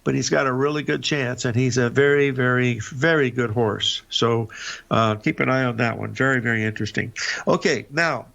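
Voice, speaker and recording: An older man hosts a live market program and drifts into folksy stories, repeating words as he goes. His voice is deeply gravelly and fry-heavy. The broadcast audio sounds dull and lo-fi. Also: fairly quick, fairly bright tone. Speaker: show host. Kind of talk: casual live market talk and storytelling.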